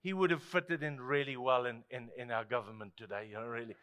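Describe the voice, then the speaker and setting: A male pastor with a South African accent preaching a sermon, lively and swinging between loud asides and hushed tones. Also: mid-range voice, brisk, smooth. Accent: South African English.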